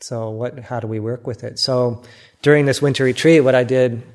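An older man with an American accent, a Buddhist monk giving a reflective, gently self-mocking dharma talk. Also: medium pitch, fairly even intonation, moderate pace. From United States.

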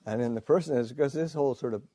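A Buddhist monk, a man, telling a teaching story in a halting way, full of fillers and restarts, with soft chuckles. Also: medium pitch. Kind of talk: storytelling dharma talk.

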